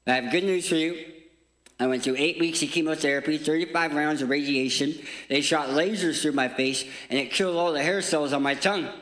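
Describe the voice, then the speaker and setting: A man's voice: a little high, fairly quick, fairly bright tone, reverberant. A man in his thirties with a permanent speech impediment, giving a jokey, self-deprecating church talk. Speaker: guest speaker. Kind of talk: humorous inspirational church talk. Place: church auditorium.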